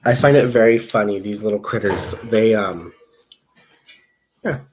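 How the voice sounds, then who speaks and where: A man's voice: lowish voice, measured pace, a little hiss or hum. Chatty man crocheting on a livestream. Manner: rambling and chatty, reads viewer comments aloud, counts stitches under the breath. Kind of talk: casual livestream chat while crocheting.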